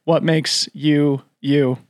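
A man's voice: a little high, little pitch movement, drawn-out words, darkish tone, no room sound. A man hosting a podcast interview, friendly and joking with his guest. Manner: upbeat, salesy ad delivery. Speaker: podcast host. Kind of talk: podcast interview and sponsor reads.

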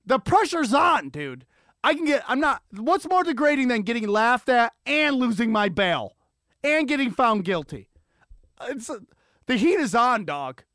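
Excitable, profane man ranting a story. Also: very high-pitched, measured pace, dry recording, clean studio sound. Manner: profane, excitable, acts out sirens and quoted voices. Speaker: podcast host. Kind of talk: animated solo storytelling rant. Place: Los Angeles area.

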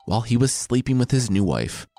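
A man's voice: mid-range voice, big pitch swings, brisk, warm tone, no room sound, faint music behind. A man telling a story as comedy, with irreverent, sarcastic asides.

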